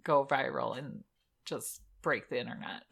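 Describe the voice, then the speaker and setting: A woman's voice: very deep voice, measured pace, vocal fry, a bit bright, husky. A woman co-hosting a casual podcast, giggling often and reading listener messages aloud. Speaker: podcast co-host. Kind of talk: casual chat.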